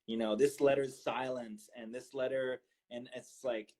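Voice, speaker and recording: Relaxed man explaining on a live stream. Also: mid-range voice, measured pace. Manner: relaxed, explains things for viewers, many fillers. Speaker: guest. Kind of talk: casual chat on a live stream. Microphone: phone.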